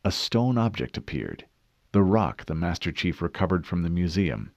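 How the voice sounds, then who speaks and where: A man narrating an audiobook in a steady, measured way. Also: deep voice, no echo. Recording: dull dry studio read.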